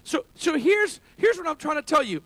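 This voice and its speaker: A male pastor delivers a sermon in a very high, bright, forceful voice. He calls to the congregation for amens and builds to loud, emphatic peaks. He preaches from a church gathering held in a school building. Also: very animated, normal speed, dry recording. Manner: call-and-response preaching, rising to shouts.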